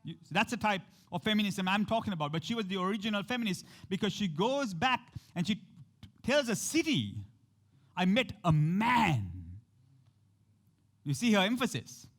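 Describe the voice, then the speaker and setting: A man's voice: high-pitched, animated, fairly quick, a bit bright. A man preaching a sermon, talking straight to his listeners with frequent questions and acting out the quotes in shifting voices. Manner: speaks to the congregation directly, with frequent questions. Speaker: pastor.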